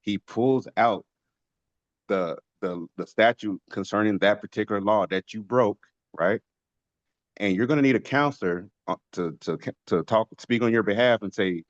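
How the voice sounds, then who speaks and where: A man's voice: on the low side, normal speed, dry recording, muffled recording. A man leading a casual religious study discussion, making his points emphatically and asking rhetorical questions. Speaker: teacher of a religious study group.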